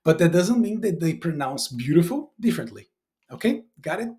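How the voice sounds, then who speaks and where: Animated, lively-pitched male teacher. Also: normal speed. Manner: animated, chatty, with playful demonstrations. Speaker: English teacher trainer. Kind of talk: casual video lesson to teachers.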